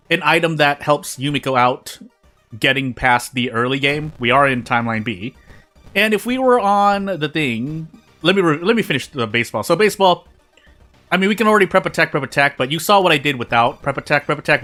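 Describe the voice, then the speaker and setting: Lively, bright-voiced man rambling through a game. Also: fairly high pitch, brisk, faint music behind. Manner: rambling, repeats phrases and restarts mid-sentence; talks while eating. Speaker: streamer. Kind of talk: casual gameplay commentary.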